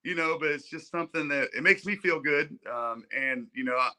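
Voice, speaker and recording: A man's voice: fairly high pitch, a little fast, bright, forceful tone. A man in his forties, a podcast guest, talking earnestly and humbly in a rambling way. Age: 40s. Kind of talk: casual chat.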